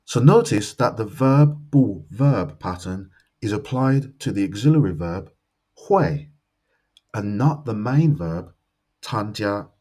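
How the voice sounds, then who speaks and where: Slow, dark-voiced male language teacher. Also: fairly low pitch, expressive. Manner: slow, careful modeling of example sentences. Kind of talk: scripted language lesson.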